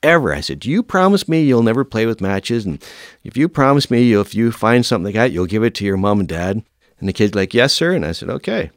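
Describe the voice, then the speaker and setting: Deep-voiced man telling a story. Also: fast talker, no room sound, studio quality. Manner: animated storyteller, acts out quoted dialogue. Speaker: firefighter guest. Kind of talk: storytelling in an interview.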